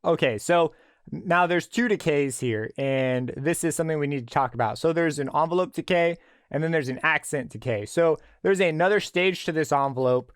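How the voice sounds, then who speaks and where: Man explaining a synth plugin, crisp. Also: on the high side, moderate pace, dry recording, studio quality. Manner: relaxed explanatory, thinking aloud with fillers. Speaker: music production tutor. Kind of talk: screen-recorded software tutorial.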